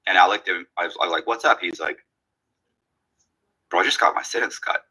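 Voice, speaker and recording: A man's voice: low-pitched, fast talker, breathy edge, low-quality recording. A man telling a long story in a casual way, acting out the lines of the people in it. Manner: animated, acts out quoted dialogue.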